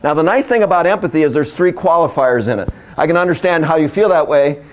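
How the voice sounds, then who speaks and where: A man's voice: a little high, lively intonation, fast. A man giving a live seminar presentation, joking and speaking directly to his audience. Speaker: workshop speaker.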